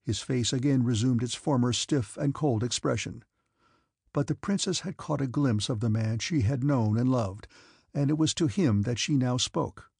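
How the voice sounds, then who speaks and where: A man reading a classic novel aloud as an audiobook narrator, calm and measured. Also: medium pitch, gravelly, slightly rough, dry recording, clean studio sound. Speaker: audiobook reader.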